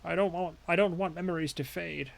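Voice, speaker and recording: A man voicing a frail, forgetful old male widower, speaking slowly and haltingly. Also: on the high side, steady tone, gravelly. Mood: wistful. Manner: slow, halting and wistful.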